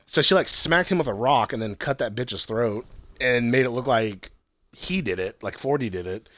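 A young man casually recaps a TV series, rambling, swearing, and acting out the characters' lines. His voice is mid-range and fairly bright, with lively intonation at a normal speed.

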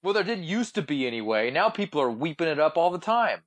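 A man's voice: fairly high pitch, very animated, quick pace. A young man co-hosting a casual podcast, blunt and opinionated, swearing freely. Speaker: podcast co-host.

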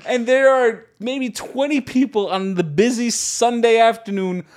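A man from the New York and New Jersey area, co-hosting a podcast and telling a comedic story with animated, profane delivery. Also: very high-pitched, unhurried. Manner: animated, profane, acts out shouting exchanges. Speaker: podcast co-host.

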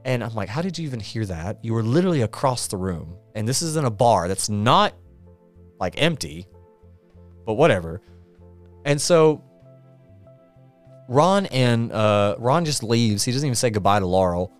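A male podcast host recaps a movie in a loose, rambling way, full of fillers and amused asides. His mid-pitched voice swings widely as he acts out lines. Faint music plays behind him. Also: big pitch swings, normal speed, pauses often.

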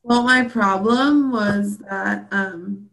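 A woman's voice: mid-range voice, very slow, noisy background. A young woman in her twenties co-hosting a podcast in casual chat, laughing often and using lots of fillers. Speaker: podcast co-host.

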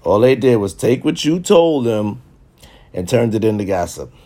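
Man with a low voice, ranting at camera; preachy, repetitive, swears constantly. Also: sing-song, moderate pace, dark tone. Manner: repetitive, preachy and heavy with cursing. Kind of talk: profane comedic rant to camera.

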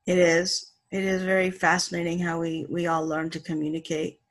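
A woman's voice: fairly low pitch, monotone, normal speed. A woman in casual conversation, affirming her partner and telling stories about parenting her young daughter. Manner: warm, affirming, quotes her child in storytelling.

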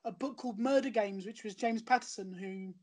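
A woman's voice: medium pitch, brisk, darkish tone. A woman chatting in a rambling way about a show she recommends, often restarting her sentences. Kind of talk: casual podcast chat.

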